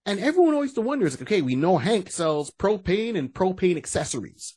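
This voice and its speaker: A man co-hosting a casual podcast, animated and breaking into quoted voices as he talks. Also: high-pitched, brisk, husky, no room sound. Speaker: podcast co-host. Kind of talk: casual chat.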